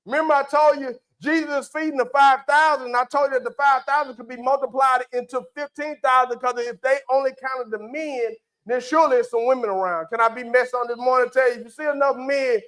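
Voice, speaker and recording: A man's voice: very high-pitched, steady tone, fairly quick, few pauses, fairly bright tone, poor audio. A man preaching a folksy sermon, with call-and-response asides to the congregation. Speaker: pastor. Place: church.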